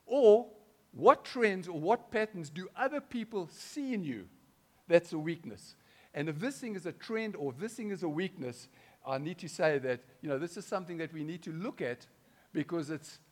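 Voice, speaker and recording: Dynamic male preacher. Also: high-pitched. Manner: dynamic, swings between loud and hushed, keeps asking the congregation questions. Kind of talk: sermon.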